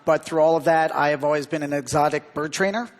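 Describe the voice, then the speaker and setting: A man from Philadelphia doing a stage ventriloquist comedy act, with deadpan showman patter, in a large theater. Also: on the high side, fast talker, long reverb tail. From Philadelphia, USA. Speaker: ventriloquist contestant. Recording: loud crowd and stage noise.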